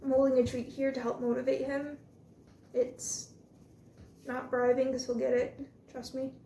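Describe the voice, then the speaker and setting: A chatty young woman with a slightly high voice describes training her dog in relaxed, reassuring vlog narration at a moderate pace. She's recording in an echoey room at home, with a faint hiss in the background.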